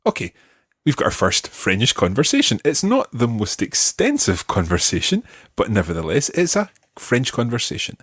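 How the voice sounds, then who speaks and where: A man hosting an audio language lesson, explaining patiently and modeling words slowly for listeners to repeat. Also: medium pitch, huge pitch swings, a bit bright, slightly rough, no room sound. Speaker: language teacher and host.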